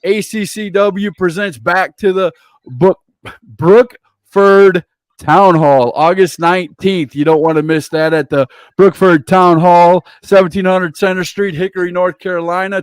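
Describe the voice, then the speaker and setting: A man's voice: sits high, smooth, dry recording. A man hosting a casual interview, reeling off upcoming events with enthusiastic, catchphrase-heavy promo patter. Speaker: interview show host.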